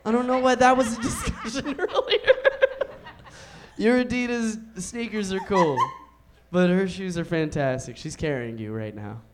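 A playful man trading jokes as a show guest, teasing and gushing over people. His voice is high and very animated, leaping up into excited squeals. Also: moderate pace, noisy background. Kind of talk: casual comedic banter.

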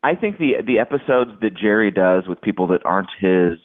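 A man's voice: lowish voice, lively intonation, a little fast, no echo. A man talks loosely in a casual podcast chat and keeps circling back with restarts and filler. His voice comes through a narrow, tinny line that sounds like a phone call. The sound is dry and close, with no room around it. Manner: rambling, many restarts and "like"s.

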